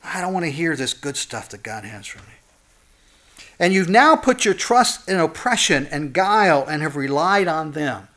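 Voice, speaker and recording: A pastor delivering a sermon and reading scripture, impassioned, his voice climbing high and loud on warnings and then dropping low and soft. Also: sing-song, moderate pace.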